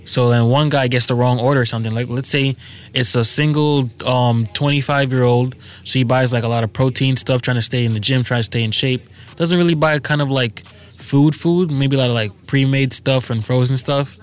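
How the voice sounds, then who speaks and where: A man's voice: mid-range voice, fairly even intonation, brisk. Teasing young man spinning hypotheticals. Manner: incredulous, teasing, spins hypotheticals. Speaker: podcast co-host. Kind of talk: casual chat.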